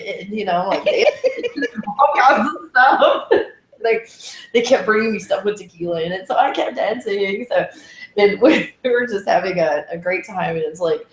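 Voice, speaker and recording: A woman's voice: medium pitch, roomy sound. A woman chatting as a guest on a show, telling stories with lots of laughter and acting out the voices of others. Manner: laughing storyteller, acts out voices. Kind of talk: casual chat.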